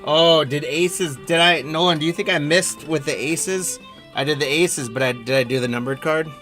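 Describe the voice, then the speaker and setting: A man's voice: fairly high pitch, moderate pace, a bit bright, faint music behind. A man hosting a live trading card break stream, reading out player names and teams in a running patter and chatting with viewers.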